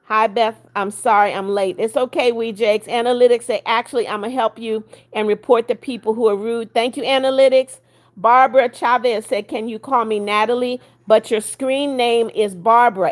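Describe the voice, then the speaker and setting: Chatty woman in her seventies livestreaming. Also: on the high side. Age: 70s. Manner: chatty, greets viewers by name, blunt scolding. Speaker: livestream host. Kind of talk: casual livestream chat reading comments.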